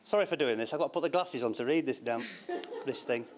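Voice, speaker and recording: A man's voice: mid-range voice, quick pace. A middle-aged man giving a father-of-the-bride speech from notes, teasing and breaking off with asides. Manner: jokey, teasing, self-interrupting. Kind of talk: wedding speech read from notes.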